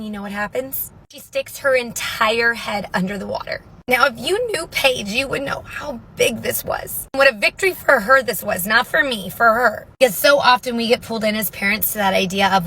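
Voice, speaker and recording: Chatty mom telling a story, slightly high voice. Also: female voice, a little fast, slight background noise. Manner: chatty, animated storyteller with lots of "like". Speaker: parenting content creator. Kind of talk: casual storytelling to camera.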